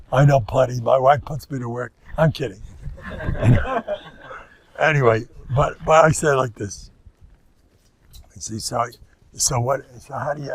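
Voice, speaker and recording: A man's voice: mid-range voice, breathy edge, dry recording. An older man, a rabbi giving an informal, joking Torah lecture that mixes in Yiddish and Hebrew words. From United States.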